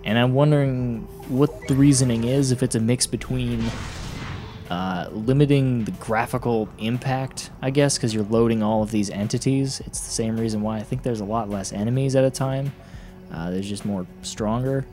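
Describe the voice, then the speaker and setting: A man's voice: medium pitch, fairly even intonation, normal speed, warm tone. A young man giving casual gameplay commentary, rambling, blunt and mocking, laughing often. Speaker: gaming commentator. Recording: music playing behind voice.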